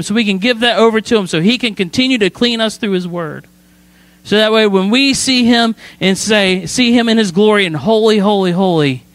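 High-voiced conversational male preacher. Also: fairly bright tone. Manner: conversational, storytelling, asks "right?" often. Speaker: student pastor. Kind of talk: sermon. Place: church sanctuary.

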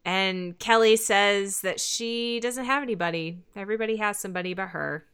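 A woman's voice: medium pitch, normal speed, fairly bright tone, smooth. A woman co-hosting a podcast, chatting casually as she retells an episode scene by scene and giggling often. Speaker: podcast co-host. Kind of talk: casual episode recap chat.

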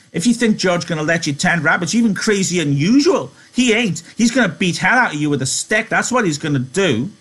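A giant imaginary rabbit jeers in a raised, husky voice, as a male reader plays it. It is scornful and cruel, taunting its listener like a nightmare creature from a storybook. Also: fairly high pitch, fairly bright tone, pitched above the performer's own voice.

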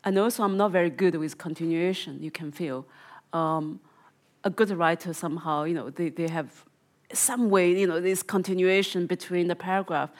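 A woman's voice: lowish voice, fairly even intonation, normal speed, a little mellow. A woman from China who is an author and filmmaker, talking in an interview with frequent restarts and many "you know"s, and reading aloud from her memoir. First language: Chinese.

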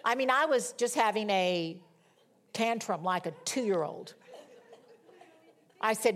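Animated woman preaching a sermon. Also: on the high side, a little slow, long pauses. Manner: animated, humorous storytelling with scripture reading. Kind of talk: sermon with personal story.

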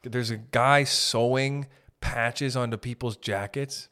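A man's voice: medium pitch, steady tone, takes it slowly, sharp tone, clean tone. A young man hosting a podcast, rambling through a comedic monologue, interrupting himself often and swearing casually. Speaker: podcast host.

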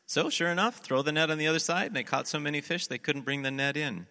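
A male pastor preaching a sermon, telling the story in an animated way and acting out the quotes. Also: a little high, fast, few pauses, in a large hall.

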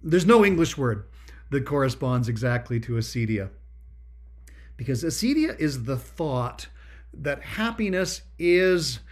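A man's voice: mid-range voice, lively intonation. A man giving a Christian spiritual talk, emphatic and repetitive, stretching out key words. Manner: emphatic, repetitive, drawn-out stresses. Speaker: Christian speaker.

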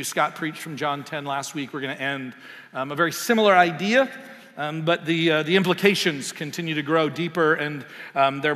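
Bright-voiced pastor in a reverberant church. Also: male voice, on the high side. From Canada. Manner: conversational, with many "um"s and repeated words. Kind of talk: sermon with prayer. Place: church sanctuary. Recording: long reverb of a church hall.

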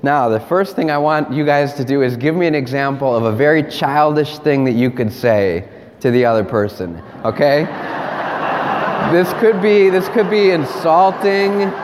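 A man's voice: fairly high pitch, animated, moderate pace, slight background noise. A man, a priest, giving a playful interactive homily, coaxing volunteers and laughing along. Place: large hall with audience. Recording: long hall reverb.

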